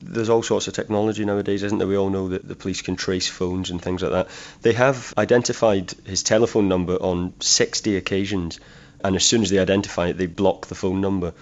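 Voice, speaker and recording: A man's voice: low voice, little pitch movement, brisk, hardly any pauses, muffled recording. A man working as a crime correspondent, explaining plainly in a news interview.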